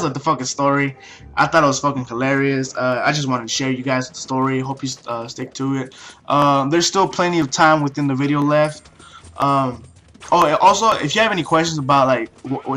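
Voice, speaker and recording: A man's voice: medium pitch, sharp tone. A teenage guy telling a story to a camera in a casual, foul-mouthed way, with lots of fillers and restarts. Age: late teens. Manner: heavy swearing, many fillers and restarts. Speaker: vlogger.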